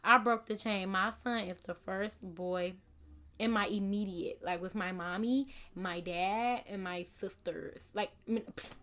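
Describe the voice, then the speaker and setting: A woman's voice: medium pitch, fairly even intonation, measured pace, a bit bright. Young woman rambling chattily to camera. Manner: rambling, many "like" and "you know" fillers. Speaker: vlogger. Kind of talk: casual chat to camera.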